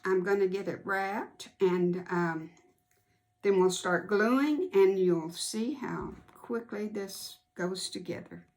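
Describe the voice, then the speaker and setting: Slow, gravelly-voiced woman teaching sewing. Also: medium pitch, darkish tone. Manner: unhurried, homey step-by-step explaining. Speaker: quilting instructor. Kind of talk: hands-on sewing tutorial.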